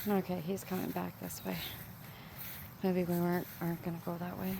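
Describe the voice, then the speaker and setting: A woman's voice: on the low side, level tone, gravelly. Chatty woman filming a nature walk. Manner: chatty, talking to viewers while walking. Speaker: vlogger. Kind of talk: casual nature walk vlog. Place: outdoors in a rural valley by water. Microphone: handheld phone camera. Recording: outdoor phone recording with nature noise. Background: rushing water, insects and birds.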